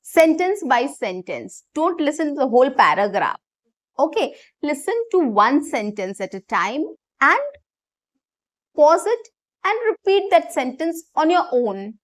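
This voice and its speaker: High-voiced woman teaching English. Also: sing-song, unhurried. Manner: explanatory, repeats "okay" and "right". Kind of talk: online English lesson.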